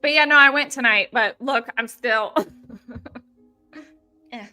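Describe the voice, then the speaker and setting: A woman's voice: on the high side, takes it slowly, bright, forceful tone, no echo, faint music behind. A woman co-hosting a paranormal podcast, telling a story in casual chat and swearing freely. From Southern California. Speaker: podcast co-host.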